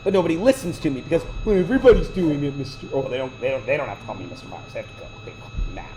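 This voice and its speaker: A man's voice: a little high, huge pitch swings, rapid-fire, darkish tone, a little hiss or hum, poor audio. A man teaching math to a class, lecturing with chatty, joking side stories. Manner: chatty, digressive, joking asides.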